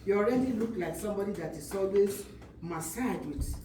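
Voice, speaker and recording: A woman's voice: medium pitch, lively intonation, brisk. Older Nigerian woman, wedding toast with blessings; distant, roomy sound, noise behind. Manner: warm, blessing-giving, repeats prayers and praise. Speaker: wedding guest giving a toast. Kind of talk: wedding speech. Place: wedding reception hall. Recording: echoey hall from far off, background noise.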